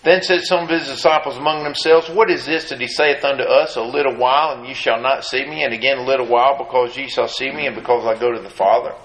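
A man's voice: medium pitch, steady tone, fast, few pauses, fairly bright tone. Folksy man preaching in a roomy space. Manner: folksy, reads scripture then comments with rising emphasis. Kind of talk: sermon. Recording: roomy echo.

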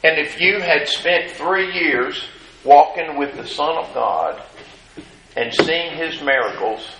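A man preaches a sermon, his tone high and bright. He gets fervent, pushing his voice up and louder whenever he retells the words of scripture figures. The sound rings around an echoey church room. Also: a little hiss or hum. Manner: fervent, rises high and loud in retold dialogue.

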